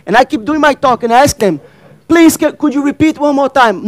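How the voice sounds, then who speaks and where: Animated and fairly quick, a high-voiced man gives an interactive stage talk at a workshop, putting questions to the audience and acting out exchanges. His grammar is non-native and he repeats phrases, captured in a low-quality recording with no room sound.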